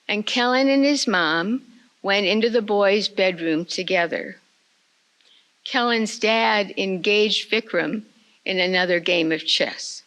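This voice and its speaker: An older woman giving a retreat talk, telling a family story in a slow, measured way. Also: medium pitch, fairly bright tone, low-quality recording. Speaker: retreat speaker.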